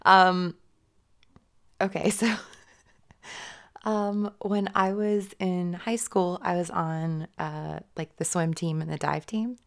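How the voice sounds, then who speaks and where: A young woman talks through a story in a slow, unhurried way, her voice dipping into a gravelly vocal fry. She giggles often and sounds self-conscious, hedging with plenty of fillers. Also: on the low side, steady tone. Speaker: audio creator. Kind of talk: casual confessional chat.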